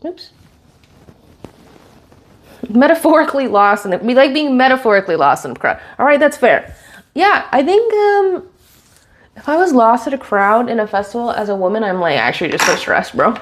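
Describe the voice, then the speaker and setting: Chatty young woman streamer, slightly high voice. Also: sing-song, normal speed, pauses often. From Washington state, USA. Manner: chatty, reads viewer messages aloud. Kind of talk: casual live-stream chat. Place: home, getting ready on stream.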